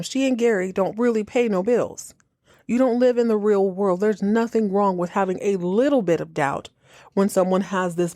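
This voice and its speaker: A woman hosting a podcast, reacting to a TV episode in casual, exasperated commentary, cursing freely and slipping into quick mocking impressions. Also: medium pitch, dry recording, clean studio sound. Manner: animated, exasperated, swears freely, mocks characters in quick impressions. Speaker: podcast host reacting to a TV show.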